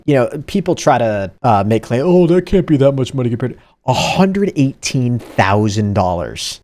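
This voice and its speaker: Male reaction host, mid-pitched, animated swings, incredulous and rambling. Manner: incredulous, rambling, swears casually. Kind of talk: casual reaction commentary.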